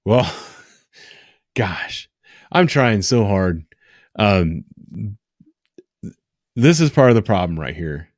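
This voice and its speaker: Low-voiced police officer, dry close sound. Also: male voice, dry recording. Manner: frank, exasperated, many "um" fillers. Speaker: police officer reacting to bodycam footage. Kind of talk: live-stream reaction commentary.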